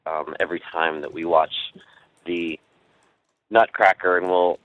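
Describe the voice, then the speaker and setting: A man leaving a cheerful, teasing voice message for the hosts, speaking haltingly. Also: deep voice, level tone. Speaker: listener sending a voice message. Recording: dull lo-fi voice message.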